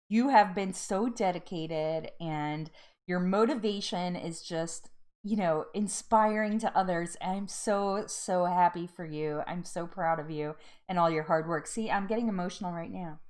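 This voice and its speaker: A woman's voice: on the low side, expressive, measured pace. A woman hosting a live-stream chat, bubbly and effusive, laughing often and getting emotional. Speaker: livestream host.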